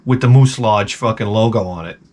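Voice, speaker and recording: A man's voice: on the low side, brisk, a little mellow, a little hiss or hum. A middle-aged man from Long Island, telling stories in a profane, sarcastic, rambling vlog monologue. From Long Island, New York. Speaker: vlogger.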